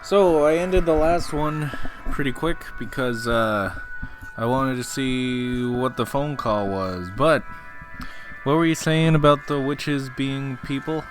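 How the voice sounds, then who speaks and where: A man's voice: medium pitch, takes it slowly, music in the background. Casual prompting male co-host. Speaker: podcast co-host. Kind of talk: casual let's-play chat.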